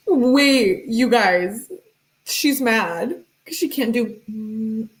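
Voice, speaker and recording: A woman's voice: on the high side, animated, extremely slow. A woman hosting a live stream, giving casual commentary in a sarcastic, mocking way and laughing often.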